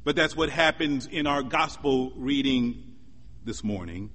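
A man preaching a sermon as pastor, measured and emphatic, building up through repeated lines. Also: medium pitch, fairly bright tone, in a large hall.

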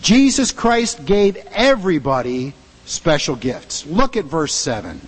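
Man, pastor, sermon, emphatic, rhetorical questions, husky, long church reverb. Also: fairly high pitch, big pitch swings, measured pace.

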